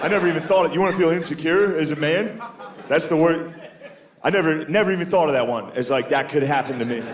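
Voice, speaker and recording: A man performing a stand-up monologue on a large stage, telling stories in a deadpan way and slipping into put-on voices. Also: a little high, quick pace. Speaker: stand-up comedian. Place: large theater stage with live audience.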